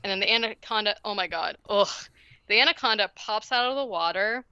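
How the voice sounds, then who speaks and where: Woman podcaster rambling thru a movie recap with lots of likes and ums, bright clear voice, dry and a bit muffled. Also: mid-range voice, a little fast, no echo. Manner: rambling, filler-heavy, giggly. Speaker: podcast co-host. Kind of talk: casual movie recap chat.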